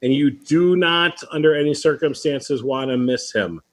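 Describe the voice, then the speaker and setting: A man hosting a live stream on a video call, his voice pitched a little high. He chats casually and tells stories with plenty of asides and laughter. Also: moderate pace. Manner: chatty storyteller, lively asides and laughs. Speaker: host.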